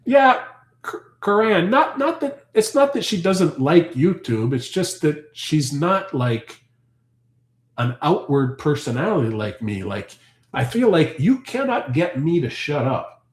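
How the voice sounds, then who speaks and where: A man's voice: a little high, big pitch swings, unhurried. A Canadian man hosting a farm live stream, talking on and on as he answers viewer comments. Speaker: farm channel host. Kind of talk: casual live-stream chat. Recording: roomy echo.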